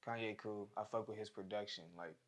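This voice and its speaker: A man's voice: on the low side, steady tone, a little fast. Laid-back young man, slangy chat. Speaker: rapper. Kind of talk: casual chat.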